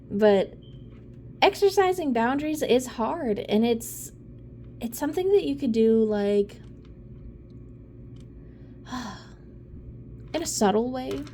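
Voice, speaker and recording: A woman's voice: a little high, a little mellow, a little hiss or hum. Woman doing a tarot reading, swears a lot, rambly, takes her time. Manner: blunt, profane and rambling, with frequent laughs and sighs. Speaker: tarot reader. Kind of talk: casual off-the-cuff reading.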